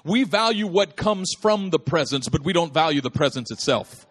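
A man preaching a lively, humorous sermon, repeating phrases for emphasis and calling out to his listeners. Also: on the high side, moderate pace. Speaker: pastor.

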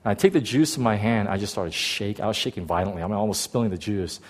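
A male pastor giving a testimony in a sermon, animated and full of restarts, swinging from loud bursts to hushed tones. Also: fairly low pitch, fast.

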